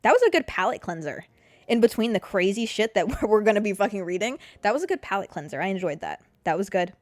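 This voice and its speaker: A woman's voice: medium pitch, very animated, quick pace, a little mellow, no echo. A woman hosting a podcast, giving casual dating advice in a chatty way, with many fillers and frequent "okay?". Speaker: podcast host.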